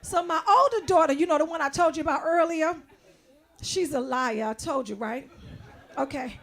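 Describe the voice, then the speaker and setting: Brash high-voiced woman doing stand-up. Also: moderate pace. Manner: brash, conversational, often shouting punchlines. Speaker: stand-up comedian. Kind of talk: stand-up comedy set.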